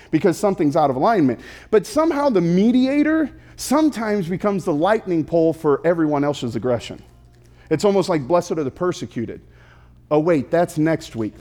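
A pastor in his thirties preaching a sermon, telling stories playfully and slipping into quick put-on voices. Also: a little high, a little mellow.

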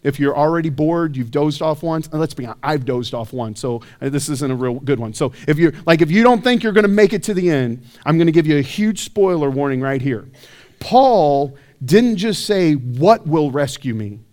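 A man's voice: on the high side, normal speed, a little mellow. A man preaching a sermon in a church, talking conversationally with rhetorical questions and self-deprecating asides. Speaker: pastor.

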